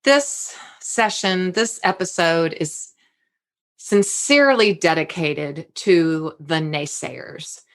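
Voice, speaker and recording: A woman hosting a podcast interview, talking in an animated way that often breaks off and restarts her sentences. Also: fairly low pitch, takes it slowly. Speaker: podcast host. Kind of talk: conversational interview.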